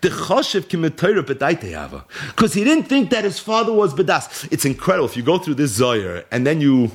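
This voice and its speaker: A man's voice: fairly high pitch, wildly swooping pitch, fairly quick. A man giving a Torah lesson, reading Aramaic source lines and retelling them as a story, half-chanting the text. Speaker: Torah teacher. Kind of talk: Talmud and Zohar lecture, reading Aramaic and translating.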